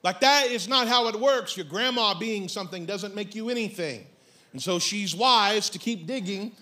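A man preaching a sermon as pastor, emphatic and comic, breaking into shouted lines. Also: high voice, normal speed.

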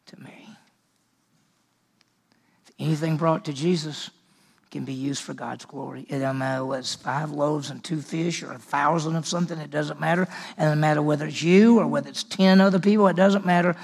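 Preaching in a conversational style, this male senior pastor repeats words and swings from emphatic to hushed. He sounds a little high-pitched and gravelly, with a breathy edge.

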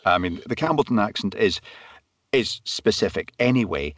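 A man's voice: fairly low pitch, animated, normal speed, fairly bright tone, no room sound. A man, an audiobook narrator as a guest, talking articulately with self-deprecating humour. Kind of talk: conversational interview.

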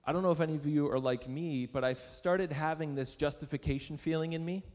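Talking fast in a slightly high, slightly mellow voice with a steady tone, a young pastor delivers a sermon in a church sanctuary with a big-room sound. He shares a personal story conversationally, pokes fun at himself, and asks the audience questions.

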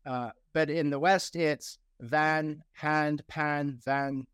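A man's voice: a little high, fairly even intonation, slow, fairly bright tone, clear, resonant tone, no room sound, studio quality. A man with a Canadian accent hosting a podcast, easygoing and laughing often. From Ontario, Canada. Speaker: podcast host. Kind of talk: casual podcast conversation.

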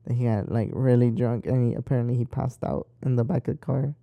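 A man's voice: mid-range voice, fairly even intonation, fairly quick, vocal fry, no room sound, narrow, tinny audio. A young man chatting casually, rambling and swearing freely as he tells stories. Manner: rambling, profane and talkative. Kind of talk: casual chat.

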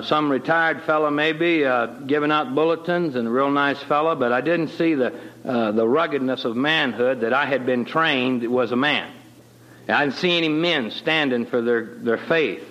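A man's voice: a little high, fairly bright tone, muffled recording. A middle-aged man telling his personal conversion story in a folksy, plain-spoken way with homespun grammar. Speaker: guest telling his testimony.

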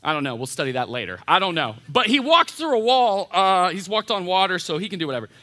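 A man with a twang preaching a casual sermon, his voice bright and forward and pitched a little high. He talks informally and with energy, and drops into little acted voices as he retells the story. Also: sing-song, fast talker. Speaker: college pastor. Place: church hall.

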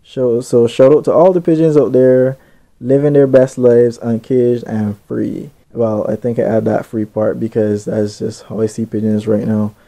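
A young man from Barbados hosting, reading out listener shout-outs in a laid-back, chatty way with little asides. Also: mid-range voice, level tone, normal speed, gravelly. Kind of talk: casual chat.

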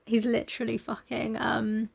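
Higher-pitched woman, chatty reader. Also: completely flat delivery, moderate pace, creaky, breathy edge. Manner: reads aloud with jokey asides and put-on voices, frequent ums. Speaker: podcast co-host reading a novel aloud. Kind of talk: casual comedic book-reading chat.

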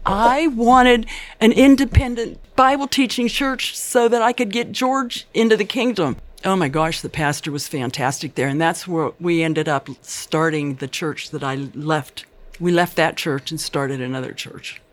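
A woman's voice: fairly low pitch, a little slow. Older woman, interviewee, earnest and chatty storyteller who quotes people. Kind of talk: personal life story.

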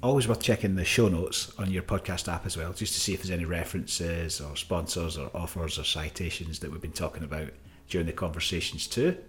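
A man hosting a podcast, closing the conversation in a relaxed, casual way. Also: low-pitched, fairly quick, few pauses. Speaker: podcast host.

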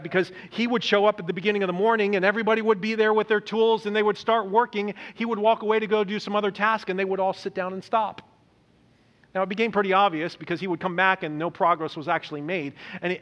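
A man preaching a sermon as pastor, earnest, stumbling over repeated words and slowing down to stress quoted lines. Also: high voice, a bit bright. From Indonesia. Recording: dull lo-fi recording in a reverberant hall.

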